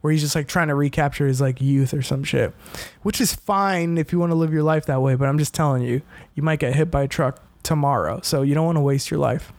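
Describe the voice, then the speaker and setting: New guy ranting on his podcast, swears a lot, kinda high voice, dry mic. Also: fairly quick, no room sound. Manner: casual, profane, ranting and self-deprecating. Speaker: podcast host. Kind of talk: solo podcast rant.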